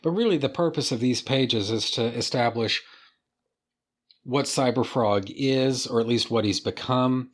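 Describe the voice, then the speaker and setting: A man's voice: medium pitch, a little slow. A man reviewing comic books in a casual, enthusiastic video commentary, swearing freely as he talks.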